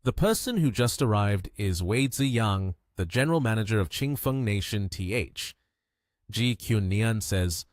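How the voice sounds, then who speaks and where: A man narrating a story recap in an animated way. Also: fairly low pitch, unhurried, no room sound, studio quality.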